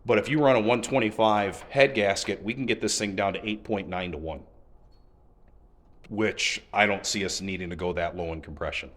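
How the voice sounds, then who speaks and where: Low-voiced man explaining an engine build. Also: normal speed. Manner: relaxed, explanatory, folksy. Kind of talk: casual shop demonstration. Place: garage workshop.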